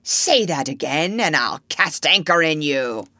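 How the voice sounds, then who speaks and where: A woman's voice: big pitch swings, unhurried, no echo, full character voice. A woman doing a cheeky boy faking a pirate. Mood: mocking. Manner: mocking, loud and booming.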